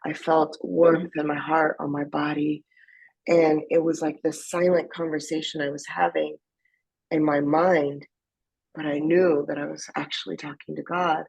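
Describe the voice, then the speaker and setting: Gravelly woman telling a testimony. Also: low-pitched, flat delivery, unhurried, a little mellow, poor audio. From Afghanistan. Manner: emotional, drops into whispers when quoting. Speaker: guest. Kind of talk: personal testimony storytelling.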